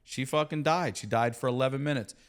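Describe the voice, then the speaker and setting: A middle-aged man telling a story casually in a studio, animated and profane. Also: mid-range voice, fairly quick. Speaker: comedian and podcast guest.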